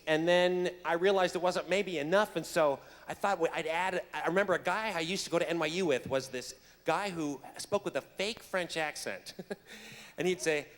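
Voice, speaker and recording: A man telling a funny backstage story to a convention audience, laughing often and tripping over his words. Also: high-pitched. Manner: animated, laughing, stumbling restarts. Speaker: convention guest actor. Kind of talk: casual on-stage storytelling. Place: convention hall stage. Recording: reverberant hall with faint crowd noise.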